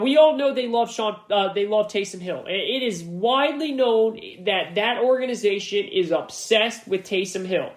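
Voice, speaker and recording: A man's voice: high-pitched, reverberant. A man hosting a solo sports podcast, talking casually and stressing his points by repeating them. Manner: casual and conversational, with slang. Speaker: podcast host.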